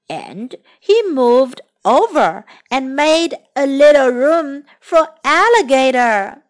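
Woman storyteller for kids, high, lively voice, slow and clear reading. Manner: expressive, slow and clear for children. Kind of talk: bilingual children's story reading.

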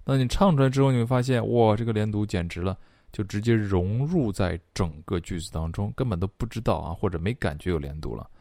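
A man teaching an online English pronunciation and singing lesson. He explains in quick bursts, then slowly models each phrase. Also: on the low side, mellow, no echo, studio quality.

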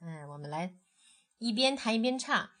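Gentle woman coaching a child. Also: mid-range voice, lively intonation, moderate pace. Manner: gentle, coaxing teacher talk, sings along. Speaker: parent teaching a children's song. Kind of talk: bilingual kids' song lesson.

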